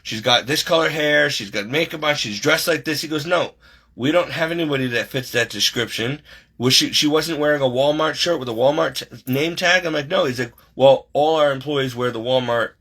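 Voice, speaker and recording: Husky man rambling through a story. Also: mid-range voice, moderate pace, fairly bright tone. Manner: rambling, many "like"s and restarts. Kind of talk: casual storytelling on a video call. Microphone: video call.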